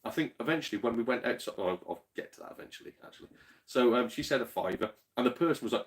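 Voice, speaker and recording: A man's voice: mid-range voice, expressive, racing. A man streaming live, reading chat and telling stories in a casual, sweary, laughing way, a bit tipsy. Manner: chatty, swears freely, laughs often, tipsy. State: slightly tipsy.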